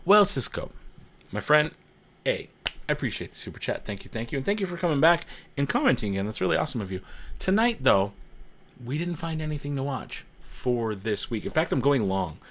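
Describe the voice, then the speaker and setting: A man's voice: mid-range voice, big pitch swings, a little fast, a bit bright, a little hiss or hum. A man hosting a casual livestream, chatting with viewers and reading their comments, joking, laughing often and repeating himself. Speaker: livestream host.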